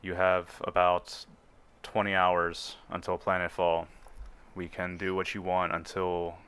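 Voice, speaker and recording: A man's voice: low voice, completely flat delivery, measured pace, a bit bright, clean tone. A man narrating as game master of a tabletop game, rambling and joking.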